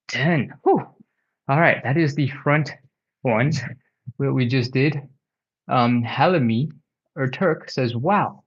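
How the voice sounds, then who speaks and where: A stretching instructor leads a live-streamed home class, chatty and rambling as he counts reps aloud, short of breath. His mid-range voice is a bit bright, and the recording's highs are cut off.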